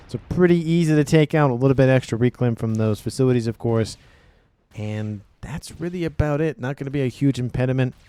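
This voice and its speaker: A man's voice: medium pitch, mellow, a little hiss or hum. A man casting a strategy game match, upbeat and chatty, talking through the map as he goes. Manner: upbeat, chatty, thinks aloud with fillers. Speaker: game caster. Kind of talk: game commentary.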